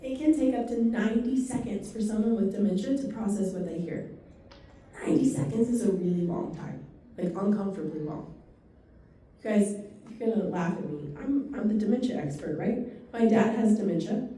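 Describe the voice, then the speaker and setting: A woman giving a dementia care training talk to a live audience, telling stories and quick asides in a fast, animated way. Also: medium pitch, a little hiss or hum. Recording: echoey room from far off.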